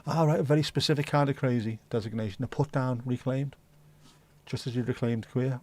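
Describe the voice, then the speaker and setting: A man hosting a casual livestream chat, rambling and ranting with plenty of swearing and answering viewers' comments out loud. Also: medium pitch, brisk. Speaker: livestream host. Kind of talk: casual chat with a live audience.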